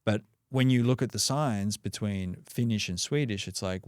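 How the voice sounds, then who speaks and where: A man's voice: lowish voice, normal speed, few pauses, darkish tone, no room sound, clean studio sound. An Australian man talking as a podcast guest in a loose, rambling way, full of fillers and restarts. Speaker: podcast guest, breathwork coach. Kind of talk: casual conversational interview.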